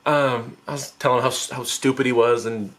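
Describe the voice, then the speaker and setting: A young man spins a rambling storytime for his vlog, doubling back on himself and laughing at his own mistakes. His voice sits at a middling pitch and leaps into high, panicky bursts whenever he replays his past self. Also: fairly even intonation, moderate pace, fairly bright tone. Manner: rambling, self-mocking, many fillers and restarts.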